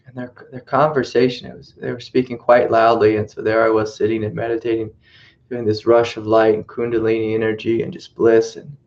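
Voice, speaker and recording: A male spiritual teacher gives a reflective teaching talk, telling a story and circling back over his own phrases. His voice is very flat and even in pitch. The audio is muffled and lo-fi, like an old webcast.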